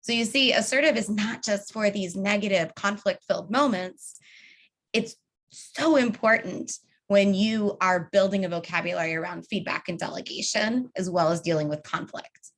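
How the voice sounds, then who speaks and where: A woman's voice: mid-range voice, moderate pace, fairly bright tone. A young adult woman leading an online training session, upbeat and conversational, speaking over a video call. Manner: upbeat, conversational, addresses group as y'all.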